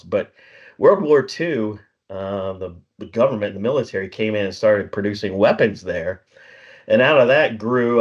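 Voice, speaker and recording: A middle-aged man co-hosting a podcast in casual chat, a rambling storyteller who chuckles often and acts out bits of dialogue. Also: lowish voice. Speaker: podcast co-host. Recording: slightly dull lo-fi recording.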